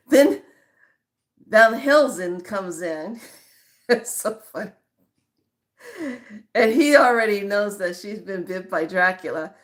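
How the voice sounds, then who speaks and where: A woman's voice: medium pitch, slow, pauses often. A woman vlogger chatting casually to her viewers, laughing often and calling them lovelies. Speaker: spiritual vlogger.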